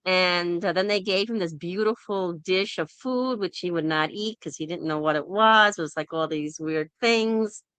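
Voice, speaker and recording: A woman's voice: fairly low pitch, normal speed, few pauses, clean tone, dry recording. A woman hosting a casual group discussion over an online call, telling stories and acting out the people in them. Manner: animated storyteller who acts out quoted people.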